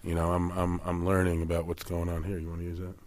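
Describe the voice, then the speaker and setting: A man on a podcast in casual chat, speaking haltingly and restarting often. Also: deep voice, monotone, darkish tone, dry recording.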